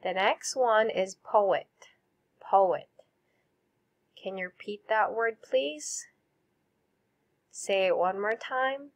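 A woman teacher with a Filipino English accent, leading a recorded vocabulary lesson and having students repeat each word after her. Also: mid-range voice. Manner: slow, clear drilling with repeat prompts.

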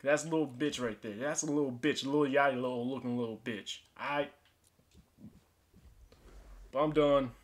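A man's voice: mid-range voice, steady tone, normal speed, pauses often. A young man giving casual gameplay commentary, frustrated and swearing as he rants about his teammates. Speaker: gaming youtuber.

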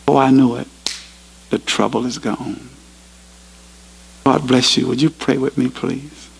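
Pastor, husky gravelly voice, earnest preaching. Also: male voice, mid-range voice, steady tone, measured pace, low-quality recording. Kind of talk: sermon. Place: university chapel.

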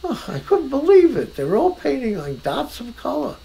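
An older man, a painter, talking at home about art in an animated and emphatic way, often restarting his sentences. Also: very high voice, moderate pace, creaky, rough recording. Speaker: painter being interviewed. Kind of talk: casual conversation. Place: his own house.

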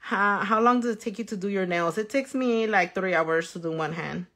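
While working, a nail artist chats loosely and profanely, telling stories, reading comments from viewers, and slipping into swearing now and then. She has a medium-pitched, fairly bright voice at ordinary speed.

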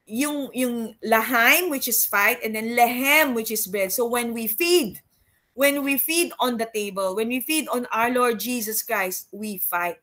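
Woman, Filipino accent, Bible study teaching, a touch high-pitched, reads scripture aloud, mixes in Tagalog. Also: a little slow, sharp tone.

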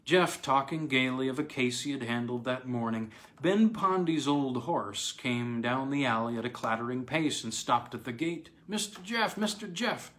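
Male narrator, measured dramatic reading, mid-pitched. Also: a bit bright. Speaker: reader. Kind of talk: scripted narration.

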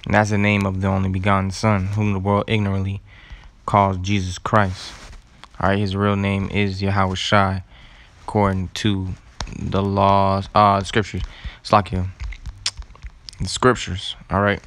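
A man with a low voice teaching scripture. He works through words slowly and deliberately, repeating them, and drops in relaxed asides as he goes. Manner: casual asides with "all right" and "man". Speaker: religious teacher. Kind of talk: scripture teaching and word study.

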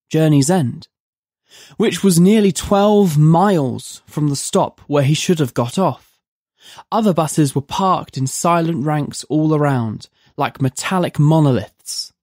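A narrator of a horror audio drama reads in a measured, vivid way. The voice has an ordinary middle pitch and a darkish tone, recorded close and dry with no room sound.

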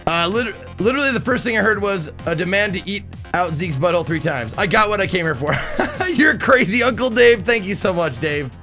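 A man's voice: sits high, lively intonation, brisk, bright, forceful tone, soft background music. A man casually chatting on a live stream, reading out viewer messages, swearing and laughing often. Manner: profane, laughing, reads chat aloud. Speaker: game streamer.

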